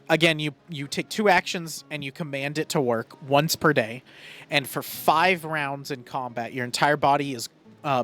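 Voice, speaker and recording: A man's voice: mid-range voice, fairly bright tone. A man narrating a tabletop game as game master, casual and full of fillers.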